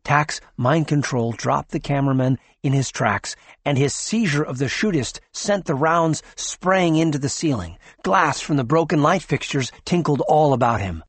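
A man narrating a novel in a steady, measured scripted reading. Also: on the high side, breathy edge, no room sound. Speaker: audiobook narrator.

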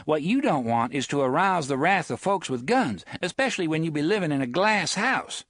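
A man's voice: on the high side, sing-song, normal speed, fairly bright tone, dry recording, clean studio sound, pitched above the performer's own voice. A man voicing a fearless young woman with a blunt, folksy drawl. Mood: defiant.

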